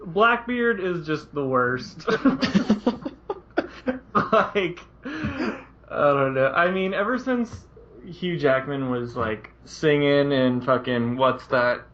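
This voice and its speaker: A man's voice: on the high side, animated, takes it slowly, fairly bright tone, muffled recording. A man co-hosting a casual movie review chat, scornful and giggly. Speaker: podcast co-host.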